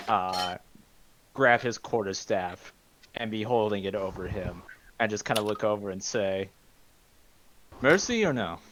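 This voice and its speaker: A man playing in a casual tabletop game, describing his character's actions slowly and deliberately. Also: lowish voice. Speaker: player. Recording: dull lo-fi mic with faint noise.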